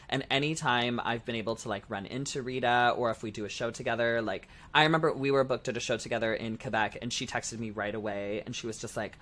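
A man's voice: mid-range voice, a bit bright. Male co-host, drag performer, casual rambling delivery, filler-heavy. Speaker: podcast co-host. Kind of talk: casual chat.

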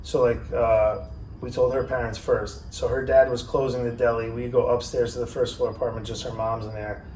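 A man's voice: medium pitch, moderate pace. A man, telling a long story on a podcast in a loose, profane way and acting out other people's lines. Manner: profane, animated storyteller who acts out quotes. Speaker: podcast host. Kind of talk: casual storytelling. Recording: roomy, distant mic with faint noise.

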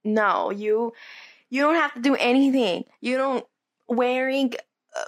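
A woman in casual chat, responding bluntly to a friend's story with soft asides. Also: fairly high pitch, a little slow. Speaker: friend listening.

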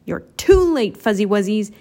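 A woman's voice: mid-range voice, sing-song, normal speed, dark tone. A woman voicing a gloating, cackling male villain professor from a storybook.

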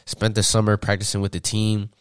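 A young man from Atlanta, a podcast guest, telling stories in a casual, slangy, animated way and laughing often. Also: lowish voice, brisk, clear, resonant tone, no room sound, clean studio sound. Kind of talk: casual storytelling.

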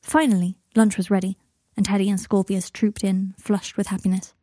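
A woman narrating a story aloud in a calm, even storytelling manner. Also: mid-range voice, moderate pace, no room sound. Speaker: reader. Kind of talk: audiobook narration of fiction.

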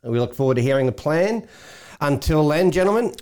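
A man's voice: fairly high pitch, lively intonation, a little fast, darkish tone. A man, co-hosting a podcast and chiming in with teasing questions and quips. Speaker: podcast co-host. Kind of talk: casual chat.

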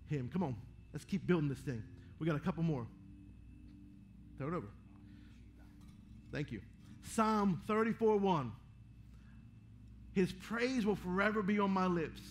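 A man's voice: high-pitched, fairly bright tone, slight background noise. A man preaching a sermon as pastor, calling out to the congregation with rising fervor between quoted verses. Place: church sanctuary.

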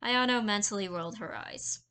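Bright woman reading fan fiction. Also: medium pitch, fairly quick, smooth. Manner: lively storytelling with slips and restarts. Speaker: narrator.

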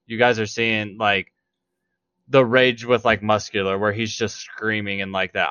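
Co-hosting a podcast, a man with a lowish, sharp voice argues his point emphatically and swears freely during casual chat. The recording has no echo.

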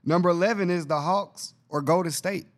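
Speaking at a normal speed, this podcast host wanders through casual conversation with slangy enthusiasm, repeating his arguments again and again. He has a slightly higher-pitched voice.

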